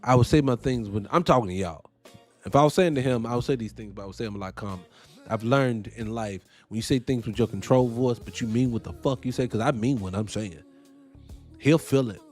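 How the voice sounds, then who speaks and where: A man hosting a morning talk show, ranting in a fired-up, animated, profane way. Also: medium pitch, a little fast, faint music behind. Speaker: host. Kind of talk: commentary rant.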